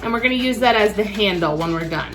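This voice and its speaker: A woman giving a casual, step-by-step craft tutorial in a relaxed, chatty way. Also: medium pitch, fast talker, slight background noise. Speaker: crafts instructor.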